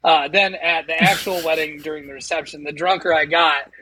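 A man's voice: a little high, steady tone, fairly quick, sharp tone, a little hiss or hum, low-quality recording. A man co-hosting a sports podcast, joking around and telling stories in casual chat. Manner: jokey, does mock British accents. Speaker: podcast co-host.

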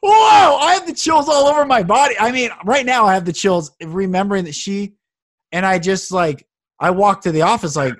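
A man hosting a conversational podcast, telling stories with animated emphasis. His voice sits somewhat high. The sound is dry and close to the mic. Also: fairly quick, no echo. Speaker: podcast host. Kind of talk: casual conversation.

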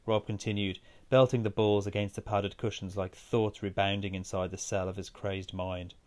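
A man reading a first-person story aloud in a steady, measured way. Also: on the low side. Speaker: narrator.

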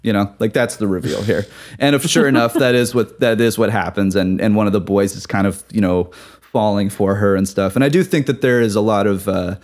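A man co-hosting a podcast, talking casually about films in a relaxed, halting way. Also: fairly low pitch. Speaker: podcast co-host. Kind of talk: casual film discussion.

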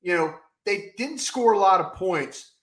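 A man co-hosting a casual sports podcast, talking in a folksy, animated way with plenty of "I tell you what.". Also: sits high, unhurried, roomy sound. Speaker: podcast co-host.

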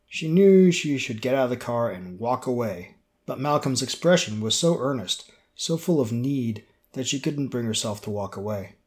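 A man narrating a novel in a steady, measured way. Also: medium pitch. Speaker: audiobook narrator. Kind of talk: scripted narration.

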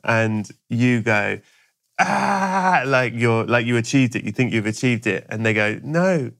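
A man's voice: on the low side, fairly even intonation, moderate pace, fairly bright tone, clean tone. A man hosting a podcast, spinning absurd comic stories and acting out voices. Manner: playful, spins absurd scenarios, acts out voices. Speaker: podcast host. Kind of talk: comic improvised storytelling.

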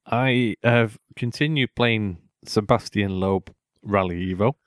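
A man's voice: lowish voice, slow, no room sound, clean studio sound. A man hosting a casual gaming podcast, chatty and opinionated, laughing often. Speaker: podcast host.

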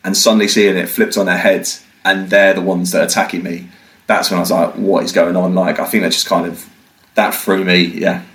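A man's voice: low voice, brisk, rough recording. A young man from the UK, a podcast guest, telling a story casually, swearing and acting out what people said. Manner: swearing, animated, acts out quotes.

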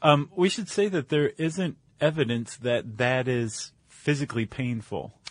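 Relaxed man explaining, dry close sound. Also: medium pitch, measured pace, dry recording. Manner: explains with fillers and restarts. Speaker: podcast co-host. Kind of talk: casual conversational chat.

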